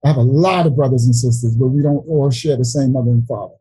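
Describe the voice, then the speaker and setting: A middle-aged man from New York City sharing an emotional personal testimony at a Bible study, earnest and halting, near tears. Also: medium pitch, warm tone, breathy edge, no room sound, rough recording. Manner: earnest, halting, with frequent restarts.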